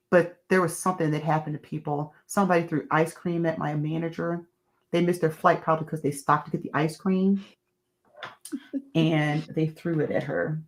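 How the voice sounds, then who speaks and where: A woman guest on a podcast, telling candid stories with animated energy in casual chat. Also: low voice, moderate pace.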